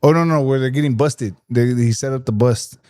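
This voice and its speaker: A man's voice: mid-range voice, a little fast, a little mellow, dry recording, studio quality. A man from Texas chatting as a podcast guest, laid-back and rambling, laughing often as he tells stories. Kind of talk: casual chat.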